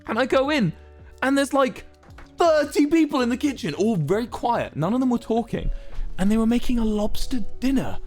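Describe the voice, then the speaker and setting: A man's voice: very high voice, animated, moderate pace, darkish tone. A young man streams and chats, his voice swinging up and down a lot as he tells a rambling anecdote. He is casual and self-amused, and a little music plays faintly under his talk. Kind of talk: casual storytelling to chat.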